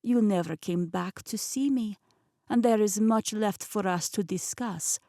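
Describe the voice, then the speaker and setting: A woman voicing a scheming, smooth-talking man with a Russian accent, speaking in a slow, patronizing way. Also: mid-range voice, mellow, no echo, clean studio sound, lightly acted. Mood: persuasive.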